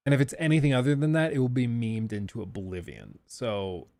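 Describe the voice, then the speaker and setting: A man's voice: mid-range voice, lively intonation, vocal fry, warm tone, no room sound. Chatty male livestream host. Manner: chatty, answers viewer questions aloud with quick asides. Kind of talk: casual livestream chat.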